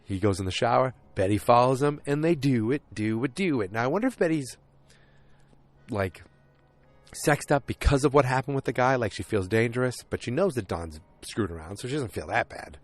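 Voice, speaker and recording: A man hosting a podcast, casually recapping a TV episode and acting out characters' lines in quick put-on voices. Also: mid-range voice, expressive, dry recording, soft background music. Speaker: podcast host.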